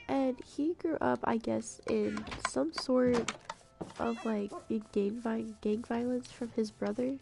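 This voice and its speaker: A woman's voice: fairly high pitch, fairly even intonation, takes it slowly, vocal fry, noisy background. A woman streamer chatting casually while gaming, telling a rambling story and losing her train of thought. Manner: rambling, easily distracted storytelling.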